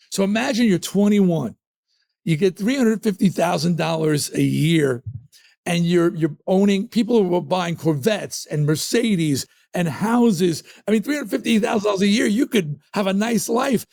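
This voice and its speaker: A man from the New York area, a rock singer, telling stories in an emphatic, animated way as a guest in a casual interview. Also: sits high, normal speed, gravelly.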